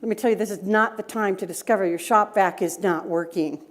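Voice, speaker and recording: A woman's voice: medium pitch, a little fast. Woman giving a conference talk. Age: middle-aged. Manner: storytelling, asks the audience rhetorical questions. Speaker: conference speaker, data governance director. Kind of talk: conference talk with personal anecdotes. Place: conference breakout room.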